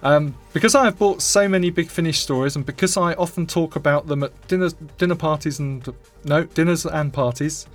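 A man's voice: fairly high pitch, fast, hardly any pauses, soft background music. A man co-hosting a podcast, reading listener emails aloud with dry asides. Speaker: podcast co-host.

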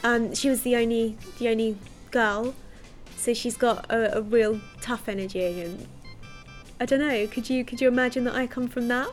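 A woman's voice: a little high, steady tone, normal speed, faint music behind. A woman being interviewed as a guest, chatting casually and joking about herself, laughing often. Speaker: guest actress. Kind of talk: casual chat.

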